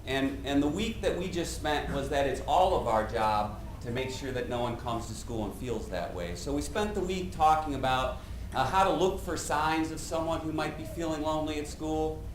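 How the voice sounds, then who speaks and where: A male school counselor presenting at a school board meeting, earnest with a light sense of humor and frequent "uh" fillers. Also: mid-range voice. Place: public meeting room. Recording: roomy meeting hall, faint background hum.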